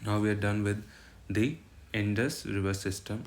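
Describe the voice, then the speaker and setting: A man with an Indian English accent delivers an exam-prep geography lecture, his fairly low voice even in intonation and moderate in pace. He switches between English and Hindi and keeps checking in with "right?". Loud background noise and clicks fill the recording.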